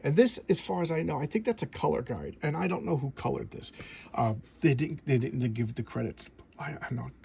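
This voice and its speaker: A man's voice: on the high side, brisk, gravelly, warm tone, slight background noise. A man casually reviewing old comic books in a rambling, enthusiastic way, often restarting and repeating words. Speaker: comic book collector and reviewer.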